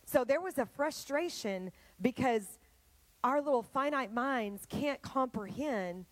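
Woman preacher, animated storyteller, mid pitch, dry close sound. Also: takes it slowly, no echo, rough recording. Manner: animated storytelling, addressing the congregation directly. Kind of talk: sermon.

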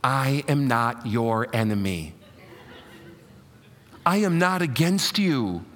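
A man's voice: medium pitch, lively intonation, slow pace, in a large hall, voice pushed down. A man voicing an exasperated mother pleading with and scolding her grown children, dramatic and coaxing.

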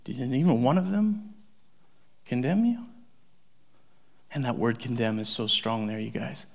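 A man preaching a sermon, animated and conversational, swinging from loud excitement to hushed near-whispers. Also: mid-range voice, a little slow, creaky. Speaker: pastor.

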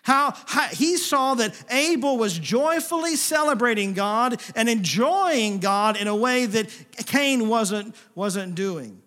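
A man preaching a sermon, swinging between emphatic, forceful passages and soft, hushed asides. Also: extremely high pitch, lively intonation, slow pace, hardly any pauses. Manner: paraphrases God's words in a gentle, intimate voice. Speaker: pastor.

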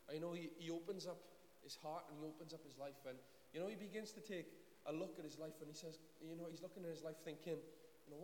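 A man preaches a sermon with an earnest, pleading manner, often repeating his phrases to drive them home. His voice sits a little high. He is recorded in a church hall with a long, roomy echo and a faint hiss. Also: quick pace, darkish tone. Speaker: pastor.

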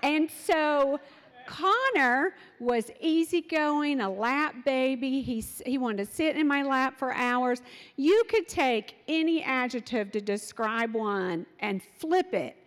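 A middle-aged woman telling parenting stories in an animated way, acting out what her children said. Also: high voice, takes it slowly, in a large hall. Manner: animated, acts out quotes of her kids. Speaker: speaker sharing parenting stories. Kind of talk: storytelling talk.

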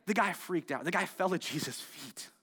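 A male pastor from the United States preaching a sermon, telling the story with animated, acted-out outbursts. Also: high voice, normal speed, slightly rough. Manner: animated storytelling, acts out scenes, loud excited outbursts.

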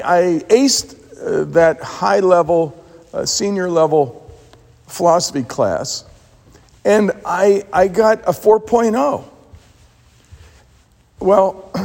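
A man's voice: on the high side, darkish tone, long reverb tail. A man preaching a sermon as a pastor, telling stories with emphatic repeated words.

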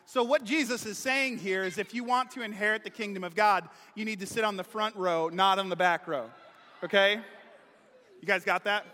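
A male pastor with a high, bright voice gives a playful children's sermon in a church sanctuary. His words ring out with a long hall reverb behind them. He talks straight to the kids in an animated way.

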